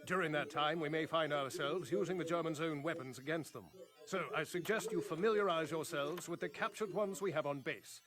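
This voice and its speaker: An actor playing a military officer giving a formal mission briefing in a video game, in a crisp, clipped delivery. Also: male voice, on the high side, brisk, natural voice. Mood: formal, commanding.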